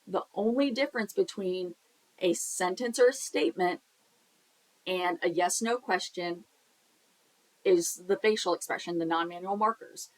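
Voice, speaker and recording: A woman's voice: on the low side, a little slow, low-quality recording. A young woman teaching a sign language lesson in a casual, chatty way, explaining with examples and the occasional filler.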